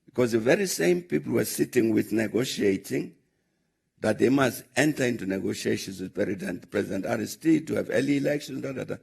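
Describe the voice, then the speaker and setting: An older South African man telling a long anecdote at a question-and-answer session, measured and pausing often with "uh" as he recounts conversations. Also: mid-range voice, expressive, darkish tone. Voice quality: gravelly, husky. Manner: measured, recounting dialogue with frequent "uh" pauses. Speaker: former head of state answering questions. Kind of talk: anecdotal storytelling in a Q&A.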